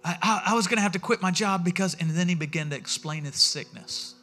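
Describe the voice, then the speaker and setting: A man preaching a sermon as pastor in a church, telling stories in a lively way and acting out what people said. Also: high voice, fast, soft background music. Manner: animated storytelling, acting out quotes.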